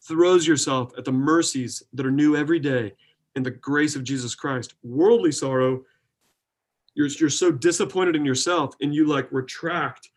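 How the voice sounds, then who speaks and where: A young adult man, a pastor, talking earnestly in a relaxed preaching way, full of likes and restarts. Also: medium pitch. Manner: earnest, filler-heavy, with many likes and restarts. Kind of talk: casual preaching in conversation.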